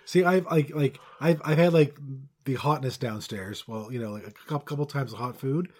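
A middle-aged man co-hosting a podcast, telling long rambling stories in casual chat that trail off quietly and then pick up again. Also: mid-range voice, normal speed. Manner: rambling storyteller, drifts quiet then loud. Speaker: podcast co-host.

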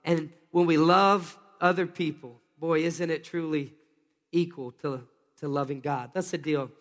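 Man preaching, high voice, excited folksy storytelling, long hall echo. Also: unhurried. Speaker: pastor. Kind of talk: sermon. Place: church sanctuary.

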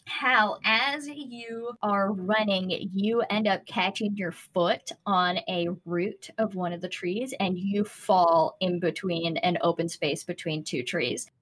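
A woman's voice: medium pitch, slow, few pauses, rough recording. Woman gm narrating the scene, easygoing, lots of uhs. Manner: relaxed, descriptive, with frequent fillers. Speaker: game master. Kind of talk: narrating a tabletop game.

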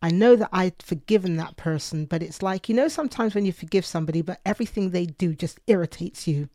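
A woman's voice: fairly low pitch, fast, dark tone, no room sound, clean studio sound. Earnest woman telling faith stories. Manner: earnest storytelling, quotes her own prayers. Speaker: podcast co-host. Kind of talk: conversational Christian podcast.

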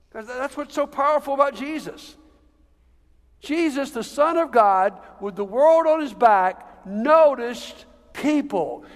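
A man preaching a sermon in a church, conversational, with slow emphatic phrases. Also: very high voice, in a large hall. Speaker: pastor.

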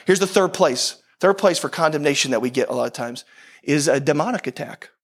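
A man with a high speaking voice gives a sermon in a loose, conversational manner. He often repeats his phrases to press a point home. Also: animated, fairly quick. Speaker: pastor.

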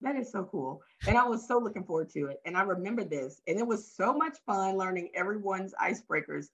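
A woman's voice: medium pitch, a little fast, muffled recording. A woman from Louisiana with a Southern US accent, telling stories in a casual interview as a workshop facilitator. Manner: lively storyteller, acts out her workshop lines. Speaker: guest, talent development facilitator.

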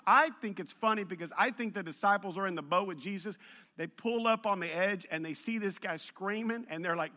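A man preaching with a high, bright voice. He tells the story with humor, and his delivery keeps building in intensity as he goes. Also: a little fast. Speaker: pastor. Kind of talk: sermon.

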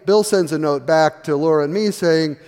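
Middle-aged guy preaching, kinda high voice, lots of uh's and restarts, long echo like a big sanctuary. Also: moderate pace, darkish tone, smooth. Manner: storytelling with many fillers and restarts. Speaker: pastor. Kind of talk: sermon. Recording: long hall reverb.

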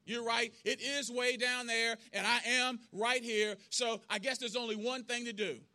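A preacher doing a dreamy, hopeful prisoner. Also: male voice, very high voice, fairly even intonation, moderate pace, pushed and bright, full character voice. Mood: resolute. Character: quiet, dreamy male prisoner, hopeful and determined.

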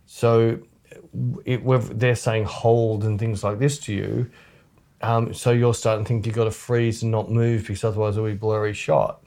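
Gravelly man telling stories. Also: lowish voice, little pitch movement, moderate pace, warm tone. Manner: blunt, storytelling, teasing. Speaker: photographer and host. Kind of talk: casual podcast chat.

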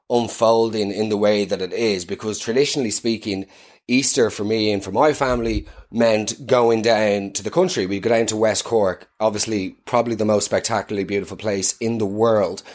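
A man's voice: fairly low pitch, normal speed. A young Irish man doing a rambling comic live-stream monologue, swearing freely. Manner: animated, swearing, rambling with laughs. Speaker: comedian.

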